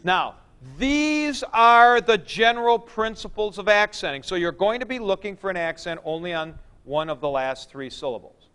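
A man's voice: high-pitched, lively intonation, normal speed, a bit bright, clear, resonant tone. A man lecturing a class on Greek accent rules, with chatty asides and jokes to his students. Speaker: Greek teacher.

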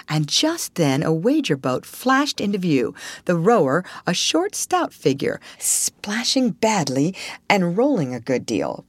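A woman narrating a classic storybook in a gentle, measured way. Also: lowish voice, no echo. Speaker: audiobook reader.

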